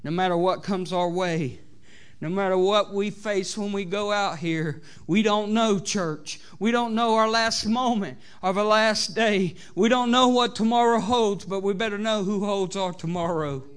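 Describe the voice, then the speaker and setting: A man with a Southern American accent preaching a sermon to a church, swinging between loud exhortation and quiet asides, often saying amen. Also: sits high, measured pace, smooth. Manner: preachy, rising and falling between loud exhortation and soft asides, many "amens". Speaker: pastor. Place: church sanctuary.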